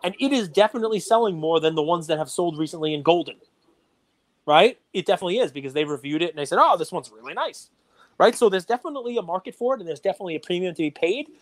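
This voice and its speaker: A man co-hosting a podcast, talking casually and getting animated and worked up. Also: sits high, very fast. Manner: animated, gets worked up and loud. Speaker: podcast co-host.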